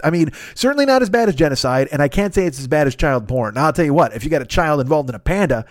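A man's voice: fairly high pitch, lively intonation, racing, hardly any pauses, no echo, studio quality. A man in his fifties riffing in a rambling, profane comedy monologue, laughing at his own jokes. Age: 50s. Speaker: podcast host.

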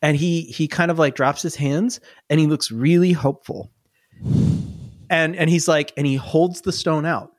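A woman's voice: low-pitched, fairly even intonation, normal speed, no room sound, clean studio sound. A woman narrating a tabletop game as game master, playful and laughing often.

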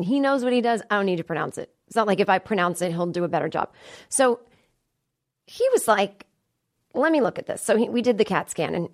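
Chatty woman podcast host. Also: mid-range voice. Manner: chatty, animated storyteller acting out quoted voices. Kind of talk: casual solo comedy podcast chat. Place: podcast studio.

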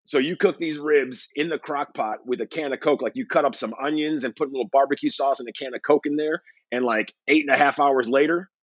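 A man's voice: mid-range voice, a little fast, few pauses, slightly rough, dry recording, muffled recording. A man hosting a sports podcast, chatting casually with lots of fillers. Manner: conversational, rambling with fillers. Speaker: podcast host.

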